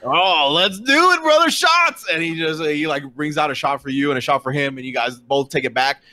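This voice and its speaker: A man's voice: mid-range voice, flat delivery, fast, pushed and bright. A man narrating as game master in a casual, filler-heavy way.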